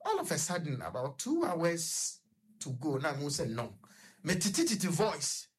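A man with a Ghanaian accent, a guest on a radio talk show, telling a personal story in a halting, rambling way, full of fillers and restarts. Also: a little high, big pitch swings, husky. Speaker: guest recounting his experience.

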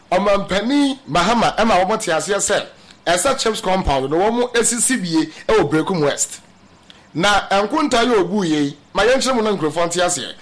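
A high-voiced man delivers political commentary in an emphatic, radio-style manner. He slips English phrases into his speech and speaks to his listeners as family.

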